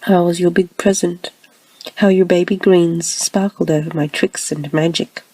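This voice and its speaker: A woman voicing a small, calm male robot guardian in a whispered role-play, speaking in a purring, teasing way. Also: on the low side, a little slow, slightly rough, distant mic, poor audio.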